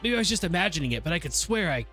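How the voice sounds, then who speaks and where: A streamer reads a visual novel aloud and chats in between, in a brisk, matter-of-fact way. The voice moves around a lot in pitch. Faint music plays behind. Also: big pitch swings, fairly bright tone. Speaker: VTuber streamer.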